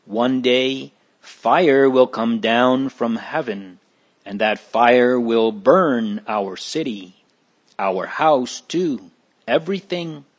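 A man voicing an anguished father who pleads with his family about a coming doom, in a slow storybook reading. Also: medium pitch. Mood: despairing. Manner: desperate, pleading. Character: anguished father with a heavy burden.

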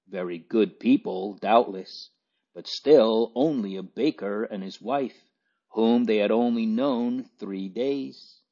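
A man narrating an audiobook in a measured, unhurried reading style. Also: lowish voice, darkish tone. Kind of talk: scripted narration. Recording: dull lo-fi recording.

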